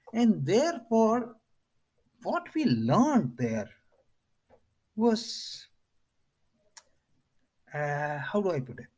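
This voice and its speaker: Animated older Indian man telling stories. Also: fairly high pitch. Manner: animated, acts out others' lines in his stories. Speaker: interview guest, retired air force officer. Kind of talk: anecdotal interview storytelling.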